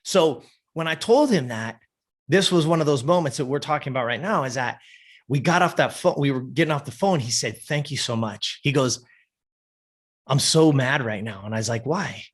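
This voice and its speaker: Husky, blunt, swearing motivational man. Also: medium pitch, animated, a little fast. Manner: blunt, intense, swears often. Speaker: podcast guest. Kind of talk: profane motivational talk.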